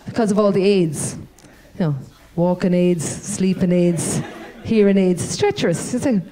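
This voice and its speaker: An Irish woman doing a stand-up comedy set on a live stage with a handheld mic, rambling and self-deprecating with dark humour. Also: lowish voice, normal speed.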